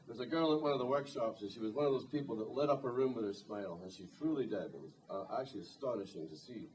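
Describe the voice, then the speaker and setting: Between songs at a live gig, a male singer-songwriter with a medium-pitched, slightly mellow voice talks at a quick pace. His story rambles wryly with plenty of "you know," captured in a distant live recording with slight hiss or hum.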